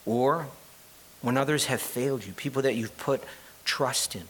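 A male pastor preaching a sermon in a church, earnest and unhurried, with pauses and repeated phrases. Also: medium pitch, a little hiss or hum, low-quality recording.

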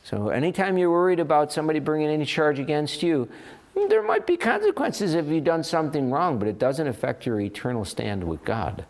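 A man preaching a sermon as pastor, animated and expressive, voicing little asides and firing rhetorical questions. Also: a little high, a little fast.

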